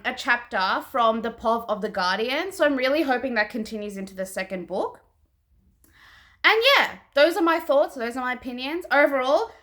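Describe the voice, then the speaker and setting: Young woman book reviewer, casual and blunt, high and very animated delivery. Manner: animated and chatty, heavy use of "like"; frank, swears freely. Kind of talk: casual chat.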